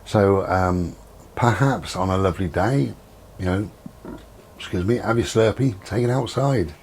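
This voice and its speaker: Here a middle-aged man, a vlogger, casually rambles about his day in a low voice that moves a little slowly. The relaxed, um-filled chat happens at home with the door and window open, and there's a little hiss or hum on the recording.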